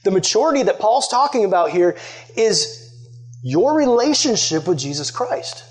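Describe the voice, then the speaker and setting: A man's voice: high voice, sing-song, moderate pace, soft background music. A young man giving a casual sermon as a youth pastor, chatty and full of "like" fillers, asking his listeners questions. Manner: chatty, loaded with "like" fillers, conversational.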